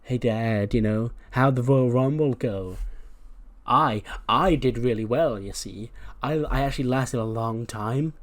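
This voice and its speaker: A man's voice: medium pitch, measured pace, natural voice. A man voicing a young male wrestler who taunts his own father with a sneering tone. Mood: mocking.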